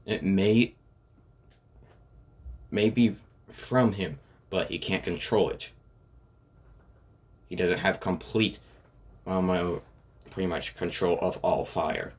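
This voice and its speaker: A man voicing a calm young male fighter. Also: low voice, slow pace, long pauses. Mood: calm advice.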